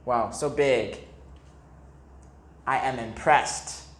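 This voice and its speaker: A man voicing a small, timid male mole who is easily impressed, with high squealing exclamations. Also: very slow. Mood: amazed. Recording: echoey room.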